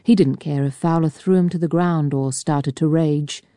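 Woman narrator, low dark voice, husky, dry close recording, measured storybook read. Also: steady tone, dry recording. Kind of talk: scripted narration.

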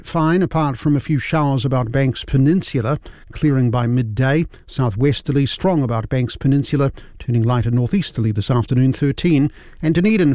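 Nz guy newsreader, steady formal delivery, dry studio mic. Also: mid-range voice, no room sound. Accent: New Zealand. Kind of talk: news and weather bulletin. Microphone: studio microphone.

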